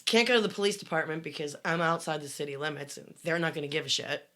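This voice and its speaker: A middle-aged woman telling a dramatic personal story on a podcast, swearing freely and rising to loud bursts. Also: low-pitched, fast. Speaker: guest telling her story.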